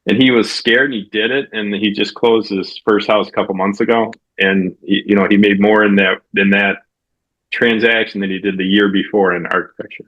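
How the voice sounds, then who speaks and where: A man's voice: on the low side, steady tone, lo-fi sound. A man hosting a business podcast and telling stories casually, acting out the quoted dialogue. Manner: fast storytelling with quoted dialogue. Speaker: podcast host, real estate coach. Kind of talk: casual interview chat.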